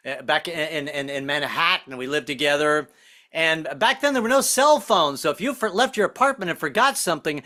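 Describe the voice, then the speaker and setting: Man, middle-aged, from the US, stand-up comic, wry, slightly high, bright tone. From United States. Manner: wry, self-deprecating, puts on voices for jokes. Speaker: stand-up comedian. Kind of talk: stand-up set on a video call. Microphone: video call.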